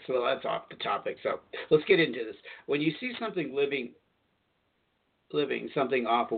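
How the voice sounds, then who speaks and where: A man's voice: medium pitch, slightly rough. A man with a mid-range voice hosts a spiritual talk radio show, chatting loosely and circling back to fix his own words. The sound is thin and tinny, like a phone line. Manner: rambling, self-correcting and chatty.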